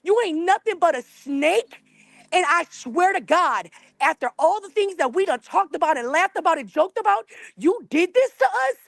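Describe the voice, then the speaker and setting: A woman's voice: very high-pitched, animated, normal speed, gravelly, dry recording. A middle-aged woman on a live panel, tearful and furious, cursing and confronting someone who wronged her group. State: tearful, upset. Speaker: panel participant. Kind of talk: angry call-out on a live panel.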